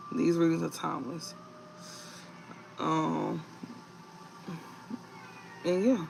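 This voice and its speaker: A young man chatting on a live tarot stream in a calm, unhurried way, his voice heavily gravelly and a bit high. Faint music plays behind him. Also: low-quality recording. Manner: calm, low-key talk with slang and frequent laughs. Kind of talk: casual live-stream chat.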